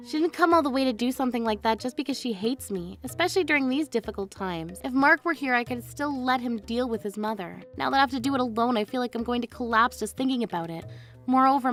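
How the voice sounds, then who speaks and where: A woman's voice: a little high, a little fast. A woman reading a scripted first-person story in a plain, earnest way. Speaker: story narrator. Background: faint background music.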